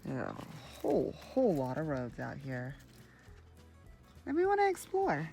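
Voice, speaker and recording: Lively cheerful woman vlogging. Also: low voice, a little slow, vocal fry, soft background music. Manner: cheerful, talks to viewers as "guys". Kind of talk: casual travel vlog chat.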